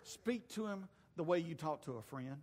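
A male pastor preaching a sermon, telling stories with acted voices and occasional shouts. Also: fairly high pitch, expressive, normal speed, long reverb tail. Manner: storytelling preacher acting out voices, shouting at peaks. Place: church sanctuary.

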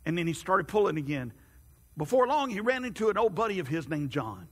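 A man preaching a sermon, telling a story in an animated, halting way in a large hall. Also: high-pitched, breathy edge. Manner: animated, halting narration with repeated restarts. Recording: long hall reverb.

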